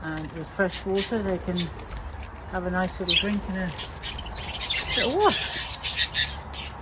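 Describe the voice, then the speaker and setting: A woman talks her way through her aviary in an easy vlog manner, switching to soft baby-talk whenever she addresses the birds. Loud chirping and squawking from the budgies fills the background of the recording. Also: fairly low pitch, unhurried, very noisy. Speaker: budgie keeper vlogger. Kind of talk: casual vlog narration. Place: bird aviary on a farm. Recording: loud bird chirping behind.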